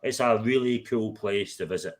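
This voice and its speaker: A man's voice: on the low side, normal speed. A Glaswegian man hosting a livestream, chatting casually, swearing freely and laughing often. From Scotland. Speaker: livestream host.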